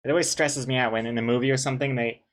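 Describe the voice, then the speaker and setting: A man's voice: medium pitch, fairly even intonation, rapid-fire. A man, a webcomic artist, chatting casually on a live stream, reading chat aloud with dry, joking banter and rambling restarts.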